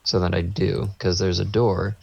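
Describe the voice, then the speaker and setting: A man's voice: low voice, flat delivery, moderate pace, vocal fry, darkish tone. A man co-hosting a podcast, telling a rambling anecdote in casual chat and acting out what people said. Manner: rambling anecdote, acts out quotes. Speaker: podcast co-host. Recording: dull lo-fi sound.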